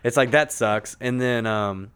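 Smooth-voiced man telling a rambling story. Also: mid-range voice, a little slow, fairly bright tone. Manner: profane, filler-heavy, rambling. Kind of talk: casual storytelling chat. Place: conference room.

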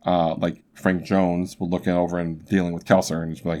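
A young man with a very low voice tells a true crime story on his podcast. He talks casually and rambles, with many filler asides. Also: little pitch movement, fairly quick, mellow. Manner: chatty and rambling, full of "like" asides. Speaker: podcast host.

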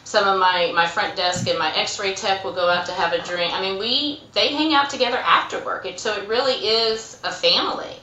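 Middle-aged clinic boss, bright tone, lively storyteller, roomy echo. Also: female voice, mid-range voice, normal speed, few pauses, lo-fi sound, a little hiss or hum. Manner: animated storyteller, acts out quotes. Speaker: urgent care center administrator, guest. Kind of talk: casual interview chat.

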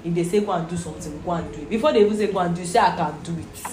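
Very fast and low-voiced, a Nigerian-accented woman runs through a Bible lesson, earnestly checking that listeners follow by repeatedly asking "Do you understand?" The recording has a roomy echo and music in the background.

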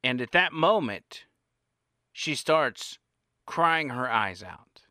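A man telling a casual anecdote in an animated way, his pitch and loudness rising and falling as he goes. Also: takes it slowly, no echo, studio quality. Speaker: storyteller.

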